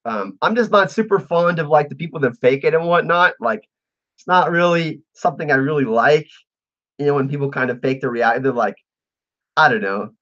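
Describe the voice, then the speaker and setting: A lively, fairly high-voiced man hosts a casual livestream and keeps up an easy, chatty flow as he answers his viewers. His pitch swings widely and he laughs often. The sound is a little dull and lo-fi. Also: moderate pace. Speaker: livestream host. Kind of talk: casual livestream chat, reading out chat messages.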